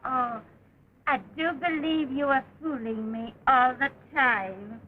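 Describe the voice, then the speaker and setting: An actress in a 1930 film playing a lonely older London charwoman, speaking softly with a tremulous, tender manner. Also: high voice, steady tone, slow pace, a little hiss or hum. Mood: tearful, earnest. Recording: muffled early sound-film audio.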